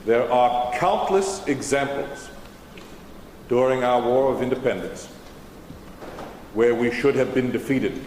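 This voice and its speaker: A man's voice: medium pitch, slow, pauses often, a little mellow, lightly acted. A man playing George Washington on stage, answering questions in formal eighteenth-century speech. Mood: measured. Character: George Washington, stately formal elder statesman. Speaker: historical re-enactor. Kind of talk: in-character stage Q&A. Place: high school auditorium stage. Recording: echoey auditorium, faint hum.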